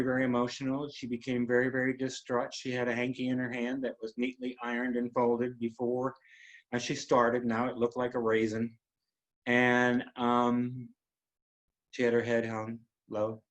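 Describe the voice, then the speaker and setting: A man hosting a web series, telling a personal story in an emotional, halting way with many pauses. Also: mid-range voice, poor audio.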